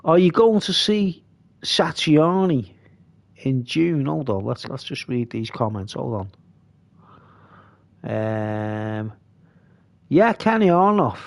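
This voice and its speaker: A man's voice: medium pitch, very animated, takes it slowly, gravelly, long pauses. A man hosting a live stream, rambling casually and reading comments aloud.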